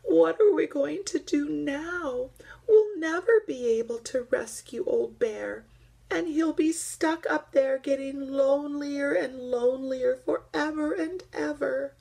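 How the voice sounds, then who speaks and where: A woman voicing a timid toy duck who sobs in a high, wavering voice. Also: slow, creaky, dark tone, heavily acted. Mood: tearful. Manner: high sobbing voice.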